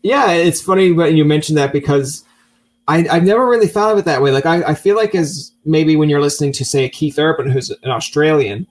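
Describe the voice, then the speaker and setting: A man's voice: fairly high pitch, brisk. A man from Newfoundland with a Newfoundland accent, hosting a casual interview in a chatty, jokey way. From Newfoundland, Canada. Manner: chatty, jokey, acts out voices in anecdotes. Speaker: podcast host.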